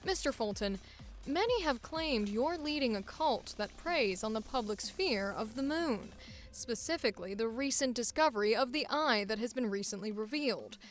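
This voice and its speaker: A woman voicing a composed female TV host, reading in a measured newscaster delivery. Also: a little high, lively intonation, faint music behind, natural voice. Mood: probing. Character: composed female TV host interviewing a cult leader.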